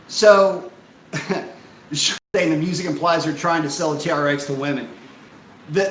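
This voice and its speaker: A man hosting a casual live stream, ranting in an animated, profane, exasperated way and reading out chat messages. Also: high-pitched, echoey room, slight background noise, low-quality recording.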